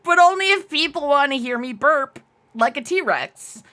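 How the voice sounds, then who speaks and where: A woman's voice: sits high, expressive, a little slow, sharp tone. A young adult woman live-streaming, chatting casually with her viewers in a giggly, rambling way and answering chat aloud.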